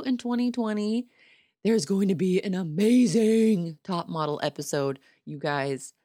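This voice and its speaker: Woman, podcast host, solo casual chat, enthusiastic, slightly hoarse, lowish voice, dry close mic. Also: no room sound. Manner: chatty, enthusiastic, speaks straight to listeners. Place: small home studio.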